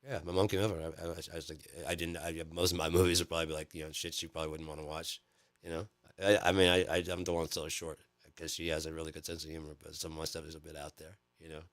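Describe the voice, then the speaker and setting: A man's voice: extremely low pitch, level tone, racing, fairly bright tone, no echo. A man chatting casually as the host of his channel, rambling, swearing often and repeating himself. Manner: profane, rambling, lots of fillers and repeats.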